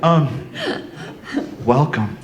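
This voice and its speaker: A man's voice: mid-range voice, extremely slow, highs cut off. A man moderating a live convention panel, nervous and gushing, laughing often. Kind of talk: excited live panel hosting. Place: convention hall stage. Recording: roomy hall with noise.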